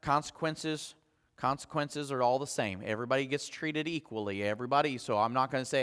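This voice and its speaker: A man's voice: mid-range voice, brisk, fairly bright tone, smooth, long reverb tail. A man preaching a sermon as pastor, talking conversationally with frequent restarts and acting out his own family conversations. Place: church sanctuary.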